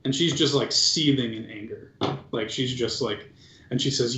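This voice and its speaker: A man's voice: medium pitch, normal speed, pushed and bright. Casual male game master, roomy sound. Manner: casual, loose narration with many fillers. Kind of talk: narrating a tabletop game. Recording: dull, roomy recording.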